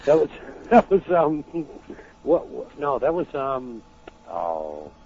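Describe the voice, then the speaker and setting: A man's voice: mid-range voice, big pitch swings, takes it slowly. A man chatting casually on a podcast, rambling with frequent restarts. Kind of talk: casual chat. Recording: dull lo-fi podcast audio with faint noise.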